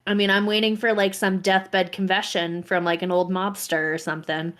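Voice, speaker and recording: Female podcast co-host, chatty and quick to laugh, in casual chat. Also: medium pitch, flat delivery, a bit bright, smooth.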